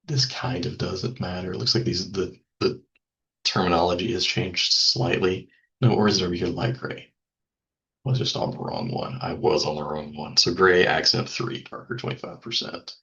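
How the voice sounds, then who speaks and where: A man teaching a software lesson over a screen recording, thinking aloud with ums and small self-corrections. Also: low voice, fairly even intonation, moderate pace, muffled recording. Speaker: instructor.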